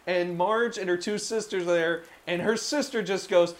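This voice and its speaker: A man casually recapping a cartoon episode on a podcast, profane and animated, slipping into voices. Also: high-pitched, moderate pace. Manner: profane, animated retelling with put-on quotes. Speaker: podcast co-host.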